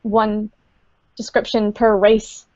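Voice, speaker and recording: A woman talks casually in an interview, hesitating often with ums and likes and laughing between thoughts. Her voice sits in a middling pitch and comes through a dull, lo-fi call line. She sounds like someone on a home computer microphone. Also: flat delivery, takes it slowly. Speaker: game studio community manager.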